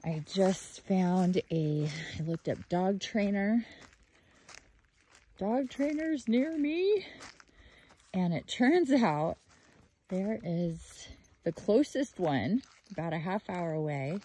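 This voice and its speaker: A woman's voice: medium pitch, animated, slow, long pauses, warm tone, slightly rough. A woman vlogging outdoors while walking her dog, chatting in a rambling way with fillers and slipping into sing-song baby talk for the dog. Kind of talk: casual video diary chat.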